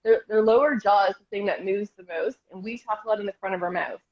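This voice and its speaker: Woman, podcast co-host, giggly and animated, dull lo-fi sound. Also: mid-range voice, quick pace. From Canada. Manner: giggly, animated, self-deprecating. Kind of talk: casual chat. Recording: dull lo-fi audio.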